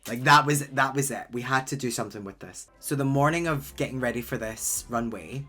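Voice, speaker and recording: A young drag queen talks straight to camera while putting on his makeup. He tells the story like juicy gossip and bursts out loud at the big reveals. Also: medium pitch, a little fast, soft background music. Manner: animated, gossipy storytelling with sudden loud outbursts. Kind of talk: casual chatty recap while doing makeup.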